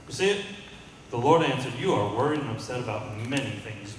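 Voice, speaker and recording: A man's voice: mid-range voice, very animated, quick pace, a little hiss or hum. Preaching man in an echoey hall. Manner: preaching with call-and-response to the congregation. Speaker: pastor. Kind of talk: sermon. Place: church sanctuary. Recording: echoey hall, mic at a distance.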